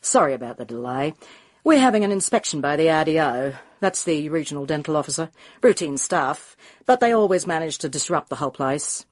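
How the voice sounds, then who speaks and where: A woman voicing a brisk, offhand Australian male dentist in his forties, in an audiobook reading. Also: low-pitched, animated. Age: 40s.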